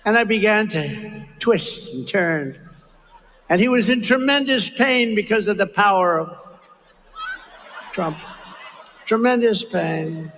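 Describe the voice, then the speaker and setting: Older man booming through rally reverb. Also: lively intonation, slow, long pauses, fairly bright tone. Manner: rambling, repetitive, emphatic. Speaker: political rally speaker. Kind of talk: rally speech. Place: large campaign rally venue. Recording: long reverb of a rally hall.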